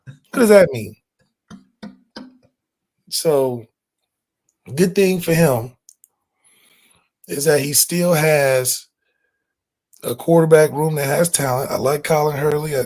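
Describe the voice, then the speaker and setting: A man hosting a casual sports talk show, speaking in a fairly high voice. He is emphatic and animated, using slang as he argues his points. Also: unhurried, pauses often. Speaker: sports podcast host.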